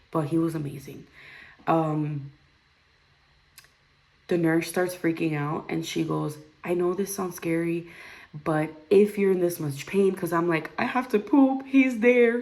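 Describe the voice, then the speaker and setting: A young woman vlogger talks straight to her viewers and tells a personal story in a candid, vivid, breathless way. Her voice sits low and has a gravelly rasp at the edges.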